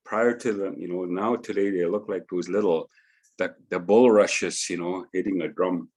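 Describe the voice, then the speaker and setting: A middle-aged man giving a spoken teaching at home, unhurried, repeating words and ending phrases with "eh?". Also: deep voice, steady tone, a little mellow. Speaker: Indigenous knowledge teacher. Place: indoors at home.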